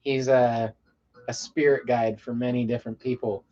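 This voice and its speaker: A man from Colorado chats loosely to his viewers at the end of a late-night livestream. His talk rambles and sinks to a low mumble, and the sound is dull and lo-fi. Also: level tone, moderate pace, warm tone. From Colorado, USA. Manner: laid-back, rambling, drops to a mumble. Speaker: livestream host.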